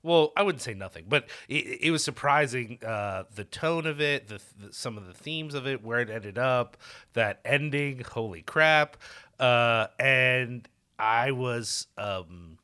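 A man's voice: medium pitch, animated, unhurried, sharp tone, clean tone. A man on a film podcast talking in a rambling, self-interrupting way, enthusiastic about the movie. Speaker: podcast guest. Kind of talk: casual film discussion.

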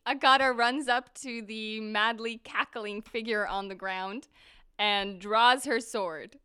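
A woman's voice: fairly high pitch, steady tone, slow pace, sharp tone, smooth. A woman playing a tabletop game, narrating her character's actions with giggly energy. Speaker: player.

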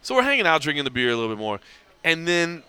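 A lively middle-aged man hosting a podcast, his voice sitting a little high and swinging widely as he tells a story. The tone is bright and forward, and the sound is smooth and clear. He acts out what everyone said, with lots of "like" in between. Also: fast talker, no echo. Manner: animated storyteller acting out quoted dialogue, heavy use of "like". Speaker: podcast host. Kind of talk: casual storytelling chat.

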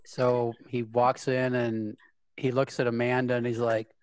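A game master narrating an improvised tabletop game with playful, quick asides and questions for the players. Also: mid-range voice, little pitch movement, a little mellow, clean tone, dry recording.

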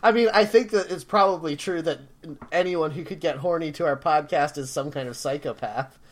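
A woman co-hosting a podcast, dropping deadpan, wry jokes in casual comedic chat. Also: low-pitched, moderate pace. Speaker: podcast co-host.

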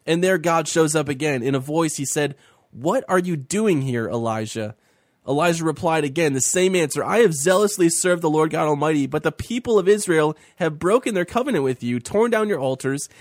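A man's voice: a little high, no room sound, studio quality. Man teaching Bible stories with feeling. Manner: animated, acting out the biblical speakers' lines. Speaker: co-host of a faith talk show.

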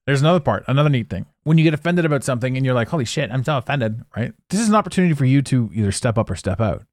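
Animated, rambling man podcasting. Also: medium pitch, rapid-fire, dry recording, studio quality. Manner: animated, swearing, laughing at his own jokes. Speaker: podcast host. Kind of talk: rambling solo podcast monologue.

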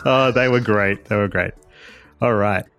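A man's voice: fairly low pitch, unhurried, fairly bright tone, soft background music. A man hosting a casual podcast call, laughing often between lines. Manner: laughs often, asks guests to repeat lines for the edit. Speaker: podcast host. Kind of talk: casual group chat over a call.

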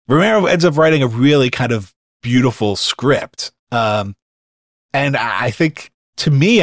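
A man's voice: medium pitch, lively intonation, measured pace, no echo, clean studio sound. A man talking casually and enthusiastically about a film, filling his sentences with "like" and "you know". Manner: enthusiastic, heavy use of "like".

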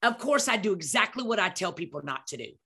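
A woman's voice: mid-range voice, very animated, fast, sharp tone, breathy edge. A middle-aged woman telling a story with emphatic, preacherly energy, acting out scenes as she goes. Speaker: podcast guest speaker. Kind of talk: animated storytelling.

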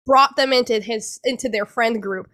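A young woman recounting a painful personal ordeal as an interview guest, emotional and halting, with many restarts and some swearing. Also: on the high side, fairly bright tone. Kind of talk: personal account in a podcast interview.

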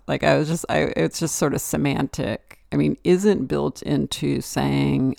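A woman's voice: low voice, steady tone, unhurried, vocal fry, few pauses, a little mellow, no echo, studio quality. A woman hosting a solo podcast, rambling and reflective, with many "like" and "you know" fillers. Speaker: podcast host. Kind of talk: casual solo podcast monologue.

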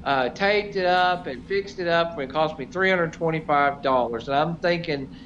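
A man's voice: fairly high pitch, moderate pace, fairly bright tone. A middle-aged man telling a self-deprecating story in casual chat, rambling with many fillers. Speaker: show regular. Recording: slightly dull, faint noise.

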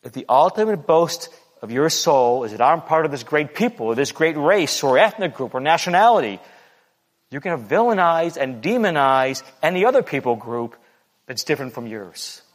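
A man's voice: fairly high pitch, sing-song, normal speed, in a large hall. A man preaching a sermon in an earnest, repetitive way, acting out the boasts he quotes.

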